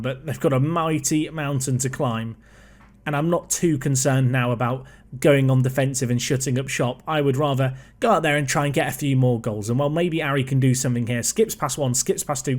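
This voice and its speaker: A man casually commentating his football management game, chatty and excitable, calling the play and talking to himself. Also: medium pitch. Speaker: gaming YouTuber.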